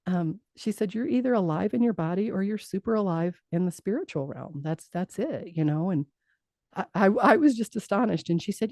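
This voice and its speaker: A middle-aged woman telling a personal story in an interview, lively and acting out what others said, with frequent laughs. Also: mid-range voice, moderate pace, no room sound. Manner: animated storytelling, acts out quoted voices, laughs often. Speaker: guest.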